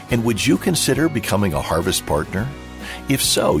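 Deep voiced guy doing the ministry announcement, smooth promo read, swoopy pitch, music going under him. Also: very animated, moderate pace. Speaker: radio program announcer. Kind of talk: scripted announcement.

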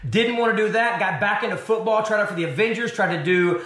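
A man's voice: sits high, fast, echoey room. A man from Arkansas, a television host, telling his story as an interview guest and acting out the people in it. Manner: animated storyteller acting out other voices.

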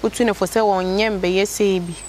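A woman's voice: medium pitch, steady tone, moderate pace, darkish tone. Ghanaian woman, street interviewer. Prompting, conversational, light background noise. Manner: prompting, with short backchannel murmurs. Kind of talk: street interview, casual questions.

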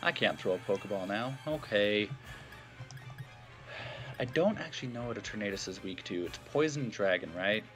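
A man's voice: fairly low pitch, expressive, moderate pace, long pauses, fairly bright tone, faint music behind. A man giving casual let's-play commentary, thinking aloud with fillers and self-corrections. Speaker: gameplay commentator.

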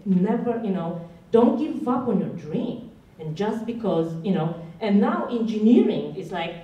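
A woman's voice: mid-range voice, dark tone. Passionate woman, echoey room. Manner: passionate and emphatic, with a strong accent. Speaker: guest speaker. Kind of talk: inspirational speech at a lunch event. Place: college event room. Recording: echoey hall, speaker far from the mic.

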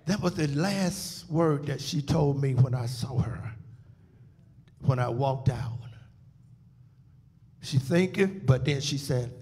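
A man with a high voice preaches a funeral eulogy as pastor. His delivery swells into loud call-outs to the congregation, then drops back to a softer register. A long hall reverb hangs on every phrase. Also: a little slow. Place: church sanctuary.

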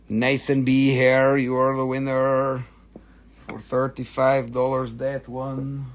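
A man's voice: mid-range voice, a bit bright. A man running a live sales stream for rocks and minerals, with hammy, playful patter in mock broken English.

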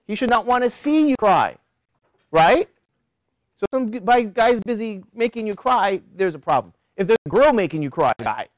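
A male college instructor wanders off topic to give his students life advice. His voice is animated, rising and dropping sharply, and he keeps quizzing the class with rhetorical questions. The sound is dry and close, with almost no room echo. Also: sits high. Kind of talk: classroom lecture digression.

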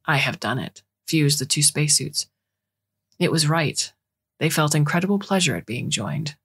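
A woman reading the lines of an alien entity that speaks inside a mind, plain and measured. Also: deep voice, lively intonation, fairly bright tone, husky, heavily acted. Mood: flat.

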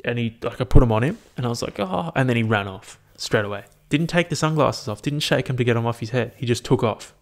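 A man's voice: mid-range voice, fast, few pauses. Swearing, rambling man. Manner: rambling, heavy swearing, amused. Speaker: podcast host. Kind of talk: casual solo monologue. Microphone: headphones and podcast mic.

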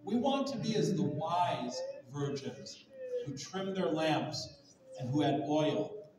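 A male pastor preaching a sermon with passion, swinging from near shouts to soft, hushed tones. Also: on the high side, lively intonation, slow, crowd noise. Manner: impassioned, rising to near shouts, then dropping soft and hushed. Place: large church sanctuary. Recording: echoey room audio from a distant mic.

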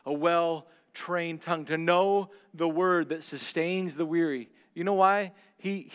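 Preaching man, high clear voice. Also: long reverb tail. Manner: preaching with dramatic swings from loud to hushed. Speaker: pastor. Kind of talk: sermon.

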